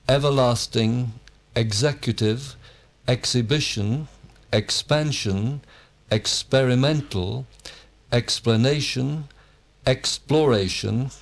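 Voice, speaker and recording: A man reading a vocabulary list aloud for learners, one word at a time, with careful enunciation. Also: medium pitch. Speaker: vocabulary reader.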